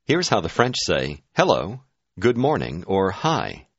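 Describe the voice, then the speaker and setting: Deep-voiced man narrating a language lesson. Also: huge pitch swings, no room sound. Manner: clear, measured prompting. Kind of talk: scripted instructional narration. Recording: dull, dry studio audio.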